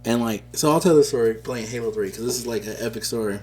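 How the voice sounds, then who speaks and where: A man co-hosting a podcast, telling stories in a casual, animated, slangy way. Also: mid-range voice, quick pace, faint music behind. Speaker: podcast co-host. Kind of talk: casual chat.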